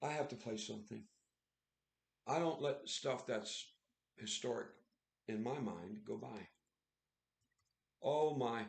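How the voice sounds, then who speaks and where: A man hosting a casual livestream, excitable and exclaiming, laughing often. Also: mid-range voice, creaky, roomy sound. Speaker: livestream host. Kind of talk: casual live commentary.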